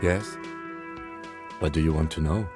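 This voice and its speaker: A man's voice: a bass voice, a little slow, darkish tone, faint music behind. An actor playing a methodical male police lieutenant in a video game, speaking in a composed, precise, dry way.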